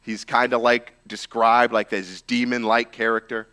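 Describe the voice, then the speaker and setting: A man preaches a relaxed, conversational sermon with a bright, forceful voice. He retells the story informally, with lots of "like" and "right?" tossed in. His pitch sits in the middle for a man. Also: unhurried, clear, resonant tone. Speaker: pastor.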